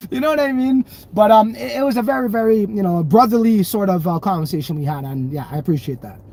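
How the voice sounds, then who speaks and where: A man's voice: high voice, lively intonation, a little fast, dark tone. Livestream host, male: loose and profane, laughs a lot while riffing on the chat. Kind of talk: casual livestream chat reading viewer comments.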